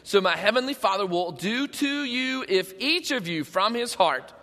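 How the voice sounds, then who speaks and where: A man preaching a sermon in an emphatic way, swinging between loud passages and hushed ones. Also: sits high, animated, normal speed. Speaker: pastor. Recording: long hall reverb.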